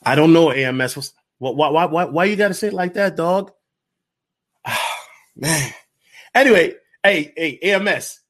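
A man's voice: on the high side, moderate pace. A man hosting a casual reaction video, talking in slang, restarting and repeating himself. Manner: animated, slangy, repeats himself, calls others dog. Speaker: crypto YouTuber reacting to a video.

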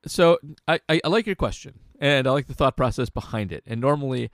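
Gravelly-voiced man breaking down football. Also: mid-range voice, no echo, clean studio sound. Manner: analytical, halting with restarts. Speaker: podcast co-host, football analyst. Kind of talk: casual sports podcast talk.

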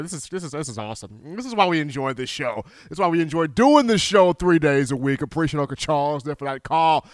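A man's voice: on the high side, lively intonation, fast, few pauses, no room sound, clean studio sound. Upbeat sports radio host man. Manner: upbeat, enthusiastic.

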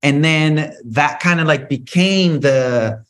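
A man hosting a solo spiritual podcast, talking in an animated, profane, rant-like way with big swings in pitch. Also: slow. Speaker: podcast host.

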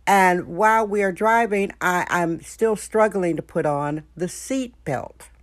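A woman's voice: fairly low pitch, a little slow, no room sound. A woman hosting a podcast, telling a story in a chatty, frank way and talking straight to her listeners. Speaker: podcast host. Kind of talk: casual storytelling monologue. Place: San Francisco.

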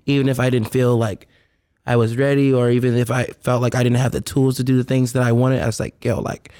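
A relaxed man in a casual interview, speaking as a touring band musician. His voice sits right in the middle of the male range, neither high nor low. He talks loosely, stacking fillers and laughing easily. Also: a little fast, clean tone. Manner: laid-back, filler-heavy, laughs often. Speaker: musician guest.

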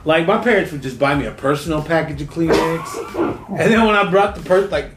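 A man's voice: fairly high pitch, normal speed. A man chatting casually as a podcast co-host, joking and swearing freely. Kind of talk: casual chat. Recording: echoey room with faint music.

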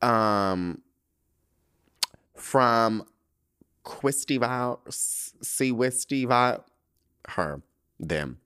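A man's voice: medium pitch, lively intonation, extremely slow, long pauses, sharp tone, clean tone. A man hosting his own podcast in a casual solo monologue, sassy and profane with plenty of slang and laughter, sounding weary and stressed. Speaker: podcast host.

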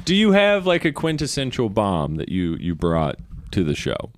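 A man's voice: huge pitch swings, normal speed. A man hosting a podcast, tossing out joking interjections in casual chat. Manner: joking interjections, wild pitch swings. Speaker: podcast host.

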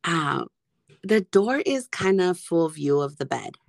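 A woman co-hosting a podcast, telling a crude story in casual chat with lots of swearing and a hoarse voice. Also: on the low side, big pitch swings, slow pace, no echo, studio quality. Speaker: podcast co-host.

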